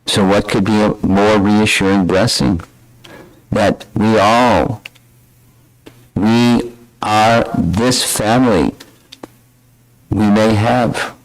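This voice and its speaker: An older man giving a scripture class as a spiritual teacher, telling stories in a reflective, unhurried way. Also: on the low side, steady tone, soft background music, low-quality recording.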